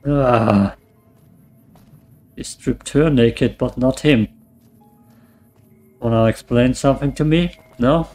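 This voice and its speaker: A man casually commenting on his own gameplay, muttering to himself and swearing often, his voice getting hoarse. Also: mid-range voice, takes it slowly, pauses often, a little mellow, soft background music. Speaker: let's play gamer.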